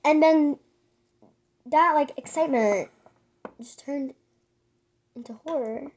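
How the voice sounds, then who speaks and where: A woman's voice: sits high, slow pace, darkish tone, dull audio, a little hiss or hum. A woman vlogger retelling a sad event in casual chat, rambling with many fillers and restarts and sometimes dropping to a whisper. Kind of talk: casual storytelling.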